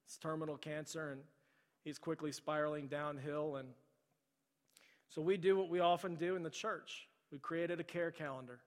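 A middle-aged male pastor preaching a sermon. He tells a story, then pleads softly with repeated phrases. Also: on the high side, fairly even intonation, moderate pace. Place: large church sanctuary. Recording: long hall reverb.

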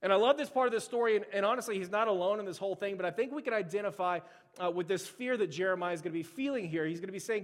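A man preaching a casual, animated sermon to his church, acting out frightened figures in the story. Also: high-pitched, racing. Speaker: pastor. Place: church sanctuary. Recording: long hall reverb.

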